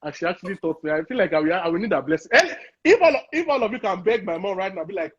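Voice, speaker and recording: A man's voice: high voice, expressive, fast talker, hardly any pauses, breathy edge, muffled recording. A man, a chef guest chatting playfully in an interview, laughing often and slipping into Pidgin. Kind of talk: casual interview chat.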